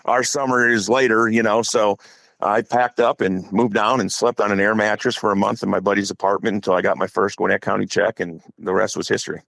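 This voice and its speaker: A middle-aged man with an Upper Midwest accent, talking low and gravelly as he spins a chatty, rambling story. His voice sits fairly deep and close to the mic in a dry, dead room. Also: fairly even intonation, brisk, a bit bright, no room sound. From Wisconsin. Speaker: guest, high school head football coach. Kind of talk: casual podcast storytelling.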